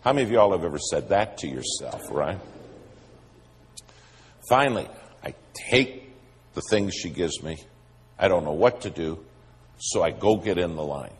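A man's voice: low voice, slight background noise. A male preacher, telling a humorous story in a sermon.

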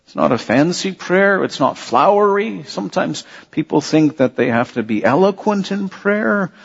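A man preaching an earnest sermon, with a voice pitched a little high and a husky edge. He speaks slowly and leans on repeated phrases and rhetorical questions. The recording is dull and lo-fi. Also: in a large hall.

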